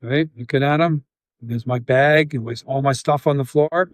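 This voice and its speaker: Animated Canadian man telling a story. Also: medium pitch. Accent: Canadian English. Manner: animated, acts out scenes with sound effects and quoted voices; halting restarts. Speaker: interview guest, volunteer. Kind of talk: storytelling in an interview.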